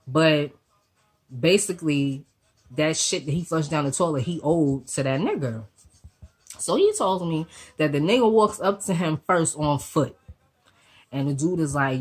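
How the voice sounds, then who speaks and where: Low husky woman telling a story. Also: a little slow, pauses often. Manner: animated, profane, street slang, talks straight to viewers. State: getting over a cold. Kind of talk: casual storytime vlog.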